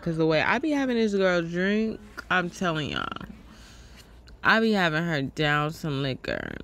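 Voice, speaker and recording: A woman's voice: fairly low pitch, measured pace, slight background noise. A woman streamer, commenting on a game in a casual, profane way and talking to her viewers. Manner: profane, animated, talks to viewers. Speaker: gaming streamer. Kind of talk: casual let's play commentary.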